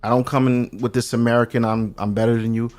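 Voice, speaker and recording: Middle-aged Brooklyn man, casual podcast guest, slangy and lively storyteller, medium pitch. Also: fast talker, soft background music. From Brooklyn, New York. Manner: animated storyteller, street slang, restarts a lot. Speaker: guest checking in from abroad.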